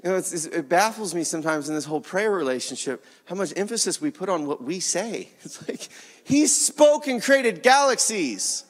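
A man preaching a sermon in an animated, conversational way, often laughing as he speaks. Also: high voice, normal speed, in a large hall.

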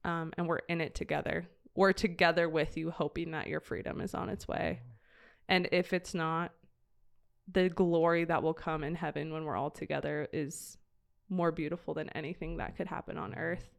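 Earnest woman with a smooth low voice. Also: steady tone, moderate pace. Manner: earnest, heartfelt, many fillers and restarts. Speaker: guest sharing a mission trip story. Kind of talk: reflective personal testimony in conversation.

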